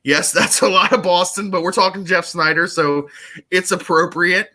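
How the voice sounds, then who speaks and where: High-pitched, bright and forceful, a young co-host talks at normal speed on a live podcast. His relaxed, rambling chat about a trivia competition is packed with the word "like."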